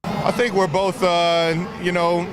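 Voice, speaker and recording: A man answering interview questions in a relaxed, halting way with many fillers. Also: high voice. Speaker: football player in press interview. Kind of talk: casual press answers. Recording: crowd noise behind, played clip. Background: crowd.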